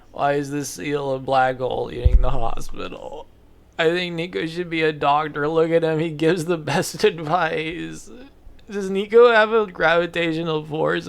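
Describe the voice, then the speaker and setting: A vlogger reacting to memes in casual commentary, tired and talking with low-energy, flat mumbling delivery. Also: gravelly, clear, resonant tone.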